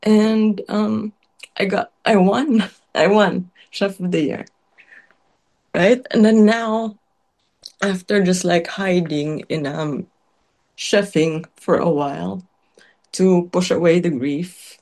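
Speaking slowly in a somewhat low, slightly mellow voice, a woman, a chef and interview guest, recounts her life in an emotional, chatty way. Her talk is filled with "like" and "um" and light laughter, and at moments tears make her voice waver.

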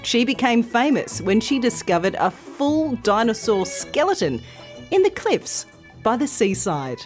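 Slow, lively woman teaching. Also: on the high side, soft background music. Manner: slow, clear, carefully articulated. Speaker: language podcast host. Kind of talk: scripted English pronunciation lesson.

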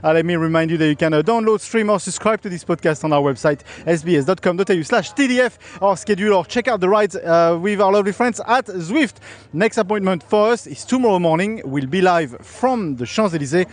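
A man's voice: sits high, expressive, fast. Hesitant man. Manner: hesitant, many uh fillers. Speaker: podcast host. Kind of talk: casual chat.

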